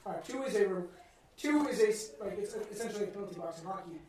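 A man's voice: high-pitched, fast, recorded from a distance, slight background noise. Man telling profane stories in a roomy room. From Massachusetts. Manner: profane, animated storytelling. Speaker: podcast co-host. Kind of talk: casual chat. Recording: roomy sound from off mic.

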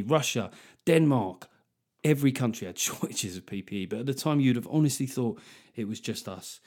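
A Mancunian man rants through his solo podcast, animated and sarcastic, swearing as he goes. His voice sits at an ordinary middle pitch. Now and then he mocks his critics in put-on voices. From Manchester, England. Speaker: podcast host and comedian.

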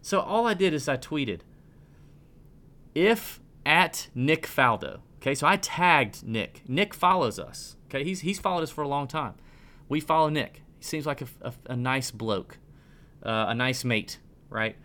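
A man's voice: fairly high pitch, expressive, a little slow, pushed and bright. A man in his thirties hosting a casual podcast, ranting with lots of restarts and stumbles. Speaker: podcast host.

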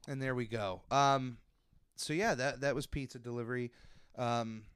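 A man's voice: mid-range voice, fairly even intonation, normal speed, fairly bright tone, smooth, dry recording. A young man hosting a podcast, chatting casually with lots of fillers and restarts. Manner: rambling, many fillers and restarts. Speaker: podcast host. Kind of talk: casual chat.

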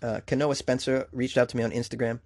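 A male podcast host talking in a loose, rambling way, full of fillers and shout-outs to listeners. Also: medium pitch, flat delivery, fast talker, dry recording. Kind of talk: casual podcast chat.

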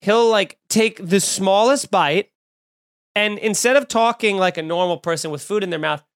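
He talks at a moderate pace in a high, clean-toned voice, hosting a podcast of casual chatter. His rants are animated, funny, and laced with swearing, and he eats and drinks at the mic throughout.

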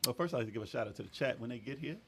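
A man's voice: medium pitch, animated, racing, husky. A man from New York with a New York accent, co-hosting a casual gaming podcast in a laid-back way. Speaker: podcast co-host. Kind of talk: casual chat.

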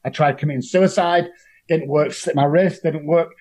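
A man's voice: a little high, fairly even intonation, moderate pace, a little mellow. A man, telling his own story as an interview guest in an earnest, emotional way. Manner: earnest, emotional, acts out quoted voices. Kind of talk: personal storytelling.

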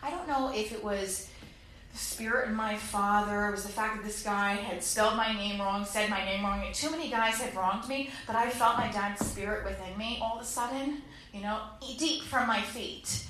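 A woman's voice: mid-range voice, moderate pace, a bit bright, slight background noise. A woman performing a chatty, self-deprecating stand-up set on a club stage, acting out quotes with laughs. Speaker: stand-up comedian. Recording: echoey club room.

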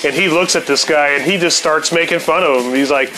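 A man's voice: a little high, brisk, over music, rough recording. A man in his fifties telling a profane personal story in a laid-back, casual way as a podcast host. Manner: laid-back, swears constantly, laughs at his own stories.

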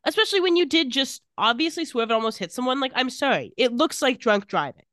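A woman's voice: high-pitched, animated, fast talker, fairly bright tone, no echo, clean studio sound. A woman co-hosting a podcast, casually retelling scenes from a TV episode and quoting the characters' lines as she goes. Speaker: podcast co-host recapping a TV episode. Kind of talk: casual chat.

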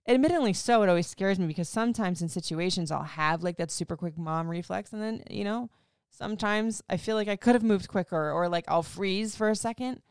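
A woman's voice: mid-range voice, fairly quick, clear, resonant tone, no room sound, clean studio sound. A woman in her thirties hosting a podcast, chatting emotionally about her family with lots of "like" and "you know". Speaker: podcast host. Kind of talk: casual personal storytelling.

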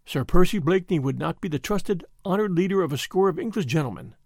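Man doing a grave, loyal young gentleman. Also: high-pitched, expressive, quick pace, dry recording, studio quality. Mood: proud. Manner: quiet, grave, earnest.

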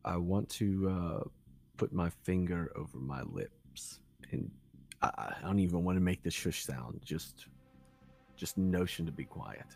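Deep, gravelly male player. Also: lively intonation, unhurried, darkish tone, soft background music. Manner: easygoing, thinking aloud. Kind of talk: casual tabletop play.

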